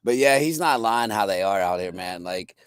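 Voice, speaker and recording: A man's voice: on the low side, expressive, moderate pace, smooth, no echo, studio quality. Emphatic man from the East Coast. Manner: laughs easily, emphatic. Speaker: co-host. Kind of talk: casual chat.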